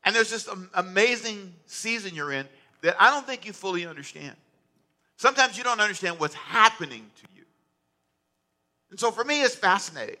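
A man's voice: sits high, lively intonation, normal speed, pushed and bright. A man preaching a sermon as pastor, conversational and joking, often repeating himself. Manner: conversational, repetitive, humorous asides.

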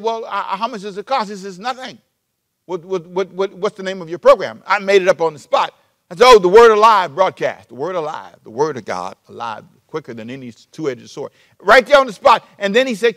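A male pastor preaching a sermon, animated and repeating himself as he restarts phrases. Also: high voice. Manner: animated preaching, sudden shifts between loud emphasis and soft asides.

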